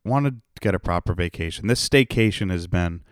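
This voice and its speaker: A man's voice: low-pitched, expressive, fairly quick, clear, resonant tone, dry recording, studio quality. A young man hosting a podcast, rambling and ranting in a profane, sarcastic way. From Rhode Island, United States. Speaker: podcast host. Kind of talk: casual solo podcast rant.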